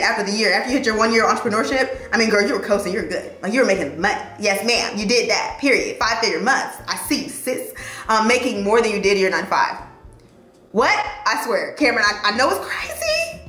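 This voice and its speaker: A young woman chatting in a get-ready-with-me vlog, animated, slangy and emotional as she encourages her viewers. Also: medium pitch, quick pace, reverberant. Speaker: vlogger and lawyer.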